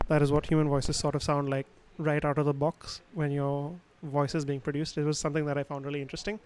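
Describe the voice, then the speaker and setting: A man's voice: on the high side, flat delivery, quick pace, few pauses, a little mellow, slight background noise, poor audio. A man teaching a livestream lesson on sound, explaining casually with many fillers and restarts, recorded at home on a studio microphone. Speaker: instructor. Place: his home room.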